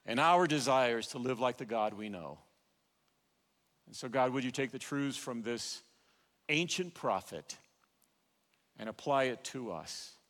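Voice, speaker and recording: A man preaching a sermon in a church, swelling with passion and then falling to a hushed, quiet prayer. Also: medium pitch, expressive, measured pace, long pauses, long reverb tail. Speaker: pastor. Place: church sanctuary.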